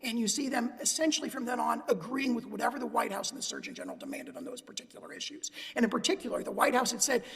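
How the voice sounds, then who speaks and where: A man's voice: very high voice, quick pace, vocal fry, few pauses, a bit bright, breathy edge. A man arguing an appeal before a panel of judges, emphatic and building long hypotheticals. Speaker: lawyer arguing for plaintiffs in appeals court. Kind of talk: formal courtroom oral argument. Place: courtroom. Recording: long reverb of a courtroom.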